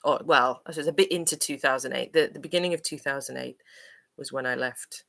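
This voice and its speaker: A woman's voice: a bass voice, a little fast, vocal fry, fairly bright tone. A woman from Manchester, an English teacher, chatting on a livestream Q&A in a hesitant, friendly way with lots of ums and uhs. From Manchester, England.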